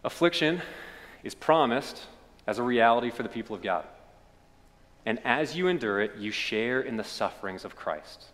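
A male pastor with a Kentucky accent preaching a sermon, telling stories that swell and then drop to a hush. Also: medium pitch, expressive, normal speed, long reverb tail. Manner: storytelling preacher, swells then drops to quiet.

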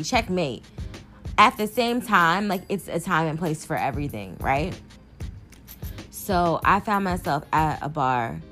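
Chatty young woman with low voice. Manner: chatty, animated, addresses listeners as y'all. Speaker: podcast host. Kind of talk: casual personal monologue.

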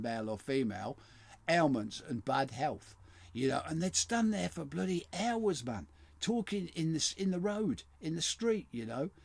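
A mid-pitched male voice, chatting casually on a podcast. He rambles and stumbles through his story, restarting phrases as he goes. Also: gravelly, a little mellow. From England. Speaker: podcast co-host. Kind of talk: casual chat.

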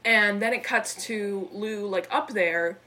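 A woman on a podcast recapping a movie in a chatty, animated way. She acts out the characters' lines and keeps filling her sentences with "like." The pitch sits in an ordinary middle range. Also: slow pace. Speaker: podcast co-host recapping a film. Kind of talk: casual chat. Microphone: studio microphone.

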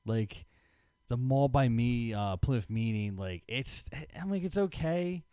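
A man in his thirties chatting casually as a podcast co-host, rambling with lots of filler words and getting animated when excited. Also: medium pitch, unhurried, smooth, no room sound, clean studio sound. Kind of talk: casual chat.

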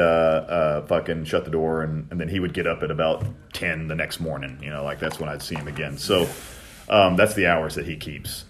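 A man telling a profane, animated story in casual podcast chat, shouting out the quoted lines. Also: low-pitched. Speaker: podcast co-host.

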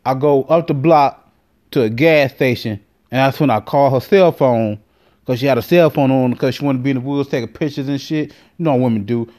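A man's voice: mid-range voice, brisk. Profane man telling a comic story. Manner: profane, animated, lots of fillers. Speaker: podcast host. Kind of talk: comedic storytelling monologue.

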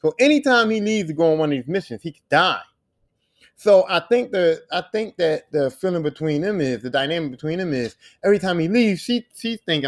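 High-voiced profane man riffing casually. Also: lively intonation, fairly quick. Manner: profane, rambling, acts out quoted characters in exaggerated voices. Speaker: podcast host. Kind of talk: casual comedic monologue recapping a show.

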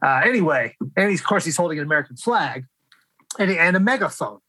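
Bright, dry-voiced chatty man. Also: on the high side, very animated, fast, slightly rough, no room sound, poor audio. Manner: chatty, laughs often. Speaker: podcast host. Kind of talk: casual discussion.

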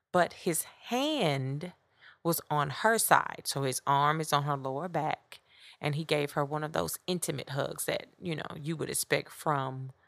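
Low gravelly woman podcaster telling a story, blunt and lively, dry close sound. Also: no echo. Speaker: podcast host. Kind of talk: casual storytelling monologue.

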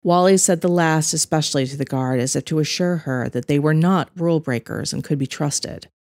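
A woman narrating a story as its author, in an even, measured reading. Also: low-pitched, dry recording, studio quality.

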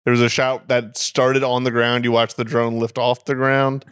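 A man co-hosting a casual movie review chat, making laid-back, measured remarks. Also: medium pitch, little pitch movement, fairly bright tone, smooth. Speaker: podcast co-host.

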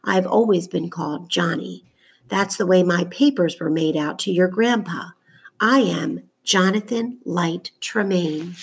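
A woman voicing a tired young apprentice boy who talks slowly and dryly, reading a storybook. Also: lowish voice, gravelly, slightly rough, full character voice. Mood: earnest.

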